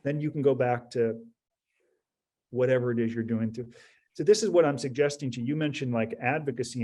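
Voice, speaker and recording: A man's voice: medium pitch, a little fast, warm tone. A man advising an audience in a webinar talk, direct and emphatic, often repeating his key phrases. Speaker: prison preparation advisor.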